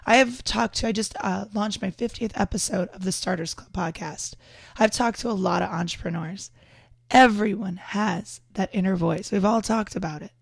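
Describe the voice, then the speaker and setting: A hoarse woman, slightly sick, talking casually and earnestly to camera in a vlog, often restarting her sentences. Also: medium pitch, moderate pace, no echo. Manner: earnest, rambling, with frequent restarts. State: hoarse from illness. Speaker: podcast host and entrepreneur. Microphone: external microphone.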